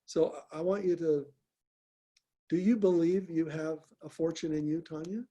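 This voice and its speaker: A man's voice: fairly high pitch, steady tone, moderate pace, mellow. A man hosting a group call, coaching listeners in a direct, encouraging way and often repeating himself. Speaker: host, business coach.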